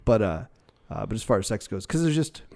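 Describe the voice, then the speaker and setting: A man's voice: lowish voice, lively intonation, a little fast, creaky, darkish tone. A man co-hosting a casual podcast chat, rambling with lots of fillers and restarts. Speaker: podcast co-host.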